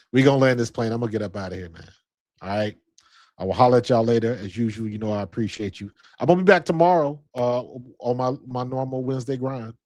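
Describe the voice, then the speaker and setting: Male podcast host, relaxed rambling storyteller, mid pitch, dry close sound. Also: fairly quick, dry recording. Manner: laid-back, rambling storytelling. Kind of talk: casual chat.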